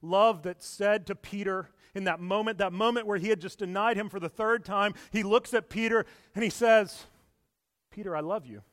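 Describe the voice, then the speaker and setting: A male pastor preaching a sermon in earnest, swinging from hushed to loud and emphatic, stumbling and repeating words with small laughs. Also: high voice, fairly even intonation, normal speed, few pauses. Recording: echoey hall with long reverb.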